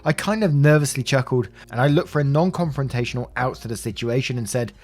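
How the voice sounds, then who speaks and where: Man reading stories over soft music. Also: medium pitch, fast talker, hardly any pauses. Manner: chuckles while commenting. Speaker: story narrator. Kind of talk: reading online stories aloud with commentary.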